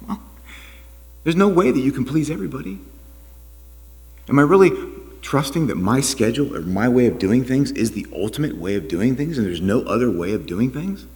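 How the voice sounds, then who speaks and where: A man preaching a sermon as pastor, with animated delivery, rhetorical questions and quiet asides. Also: medium pitch, moderate pace, long pauses. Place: church sanctuary. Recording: long reverb of a church hall.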